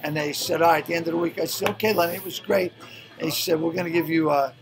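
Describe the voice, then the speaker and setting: An older man with a Boston accent, a stand-up comedian telling profane, animated stories in casual chat. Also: on the high side, quick pace, rough recording. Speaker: comedian guest.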